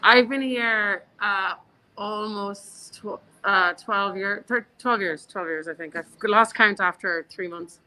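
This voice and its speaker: A woman in her thirties with an Irish accent chats as a guest, spinning stories and restarting her sentences. Her voice is bright and clear, at a middling pitch. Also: takes it slowly, poor audio. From Ireland. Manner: chatty storyteller, many restarts. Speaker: bar co-owner, guest. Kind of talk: casual interview chat.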